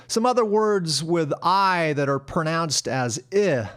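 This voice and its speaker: A man with a fairly high voice gives a casual pronunciation lesson. He talks frankly and repeats example words slowly so each sound can be heard. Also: sing-song, a bit bright. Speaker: English pronunciation teacher. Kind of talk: casual instructional monologue.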